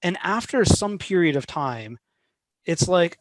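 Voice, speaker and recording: Animated man with a dry close sound. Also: high-pitched, unhurried, no room sound. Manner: animated, many fillers, acts out quoted voices. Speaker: behavioral finance guest. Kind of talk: casual conversational interview.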